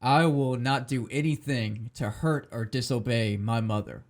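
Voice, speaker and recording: A man's voice: medium pitch, close to an everyday voice. A man voicing a stern old male tea shop owner who barks curt orders. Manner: curt commanding orders, slow and loud.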